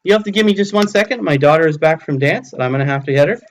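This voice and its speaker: A man's voice: fairly high pitch, racing, slight background noise. Chatty man narrating his hobby craft. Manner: chatty, talks himself through each step. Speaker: hobbyist live streamer. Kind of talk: casual live-stream commentary while crafting. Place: home hobby table.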